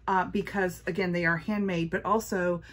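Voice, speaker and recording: A woman talks her way through a makeup haul in a relaxed, chatty way. Her voice sits a little low. She gushes and says the same praise over and over. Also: normal speed. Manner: gushing, chatty, repeats praise. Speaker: beauty vlogger. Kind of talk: casual makeup haul chat.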